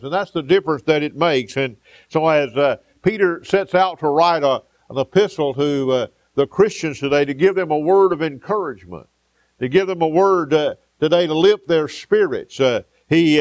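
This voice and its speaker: A man preaching a sermon as pastor, with many "uh" pauses and repeated words. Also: on the high side, vocal fry, no echo. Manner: preaching with frequent "uh" fillers and repetition.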